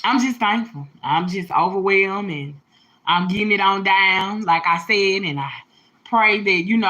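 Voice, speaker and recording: A woman, hosting a livestream and telling stories in an animated way, laughing, swearing and calling her viewers y'all and baby. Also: mid-range voice, poor audio. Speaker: livestream host. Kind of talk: casual storytelling to viewers. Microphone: phone or webcam livestream.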